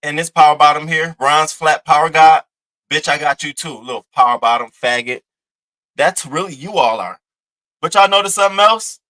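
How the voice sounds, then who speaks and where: A man's voice: on the high side, moderate pace, sharp tone, poor audio. Brash, taunting man ranting on a stream. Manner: brash, taunting, profane trash talk. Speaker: live-stream host. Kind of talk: heated livestream rant.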